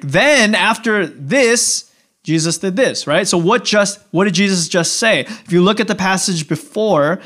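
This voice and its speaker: A man preaching a casual, conversational sermon, talking informally and asking his listeners questions. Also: sits high. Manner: informal, animated, asks the audience questions.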